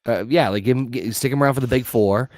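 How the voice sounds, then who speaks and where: A man co-hosting a casual podcast chat with friends, relaxed and swearing freely, laughing often while playing cards. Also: mid-range voice, fast talker, no echo, clean studio sound. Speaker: podcast co-host.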